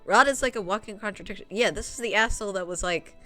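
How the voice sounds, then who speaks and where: A woman's voice: mid-range voice, fast, faint music behind. Young woman streamer, laughing and swearing. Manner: laughs often, swears, animated reactions. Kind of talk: casual live-stream commentary while reading a visual novel.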